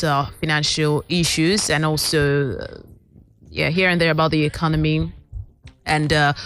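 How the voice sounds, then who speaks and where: Man, show host, slightly high voice, halting with ums. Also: bright, forceful tone. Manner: hesitant, many ums and short reactions. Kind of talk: casual radio-style chat.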